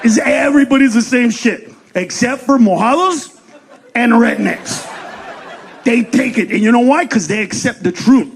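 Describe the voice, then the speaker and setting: Guy doing stand-up, really high voice, swears a lot, yells the punchlines, bit of noise. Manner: profane, rapid rants with shouted punchlines and acted-out voices. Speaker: stand-up comedian. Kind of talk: stand-up comedy set.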